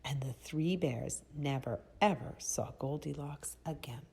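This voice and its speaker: A children's storyteller reads a picture book aloud to kids, her delivery soft, breathy, and expressive. She has a deep voice and stops now and then to ask the children questions.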